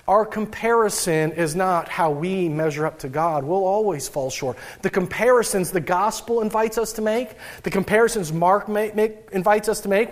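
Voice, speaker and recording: Male pastor, slightly high-pitched, relaxed sermon delivery that acts out inner voices. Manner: conversational, acting out inner voices, frequent "uh" restarts.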